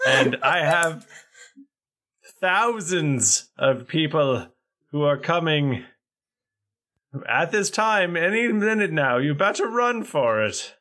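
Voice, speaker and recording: A man's voice: on the high side, expressive, slow, pauses often, sharp tone, exaggerated voice. A man voicing a boastful male alien goo creature in a tabletop game, with a wobbly put-on British accent that keeps slipping. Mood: threatening. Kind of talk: tabletop role-play character voice.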